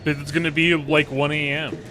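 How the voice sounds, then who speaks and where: A man's voice: fairly high pitch, flat delivery, moderate pace, pushed and bright, a little hiss or hum. A man chatting casually while playing a video game, rambling, swearing freely and trailing off mid-sentence. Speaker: gameplay commentator.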